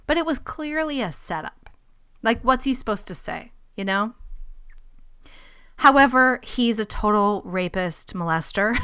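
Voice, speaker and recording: A woman hosts a casual news podcast, her voice bright and forceful. Her tone is smooth and clear, and she is blunt and opinionated. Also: fairly high pitch, lively intonation, measured pace. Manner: opinionated, blunt, laughs often. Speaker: podcast host.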